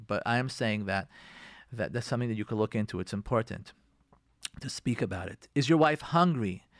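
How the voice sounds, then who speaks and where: A man hosting a radio show, giving marriage advice in an animated way and acting out arguing spouses. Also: a little high, dry recording, studio quality. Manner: lively, acts out quoted spouses in raised voice.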